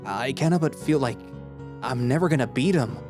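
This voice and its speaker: Man voicing a cold jealous anthro male, low growl, terse, bitter, medium pitch, music behind. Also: lively intonation, normal speed, natural voice. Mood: hurt. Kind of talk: dramatic audio story reading. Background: background music.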